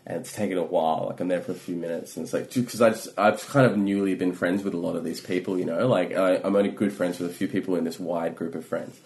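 A man's voice: deep voice, fairly even intonation, fast talker, few pauses. Rambling male comedian telling a story. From Australia. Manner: rambling, filler-heavy, swings from hushed to loud. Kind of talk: casual storytelling.

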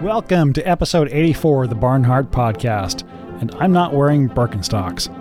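A man's voice: medium pitch, animated, normal speed, music in the background. A man hosting a podcast, chatting casually and jokingly with hesitant fillers. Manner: joking, hesitant, lots of you know. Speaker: podcast host.

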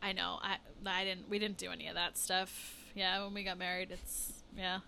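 Woman, podcast co-host, bright voice, laughs easily, quick agreeing replies, casual chat. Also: lowish voice, flat delivery, creaky, a little hiss or hum.

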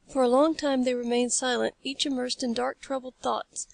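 A woman reads an adventure story aloud as scripted narration, steady and even. Her voice is a touch high and gravelly. It sounds dry and close. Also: normal speed, hardly any pauses, no room sound. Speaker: audiobook reader.

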